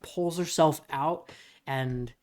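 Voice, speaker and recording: Podcast co-host, casual brainstorming, rambling, frequent restarts, mid-pitched voice. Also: slow, darkish tone. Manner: rambling, lots of restarts while pitching story ideas.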